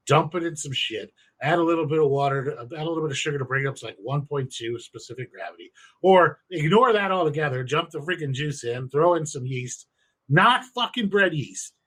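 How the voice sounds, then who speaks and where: A man's voice: medium pitch, fairly bright tone, slightly rough. A man co-hosting a podcast, chatting casually and profanely, rambling through home brewing steps with emphatic swearing. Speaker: podcast co-host.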